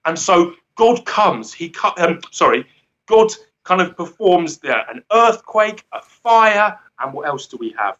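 A man's voice: high-pitched, big pitch swings, measured pace, fairly bright tone, dull audio. A man giving an earnest, rambling devotional talk who often laughs at himself. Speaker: guest speaker.

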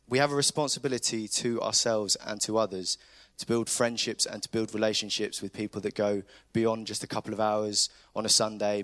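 A man's voice: fairly low pitch, a bit bright, no room sound. A young man speaking earnestly and a little hesitantly at a church service. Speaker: youth group member giving testimony.

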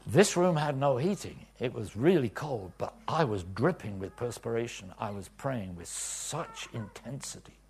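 A man preaching a testimony in a sermon, swinging from hushed whispers to loud cries. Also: mid-range voice, big pitch swings, a little slow, few pauses, husky. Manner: dramatic swings from whispers to shouts.

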